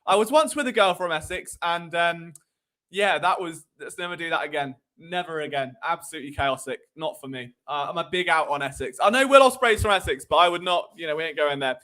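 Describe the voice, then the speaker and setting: High-voiced man hosting a sports stream. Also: brisk. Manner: animated, sarcastic, digressive. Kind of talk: live sports commentary chat.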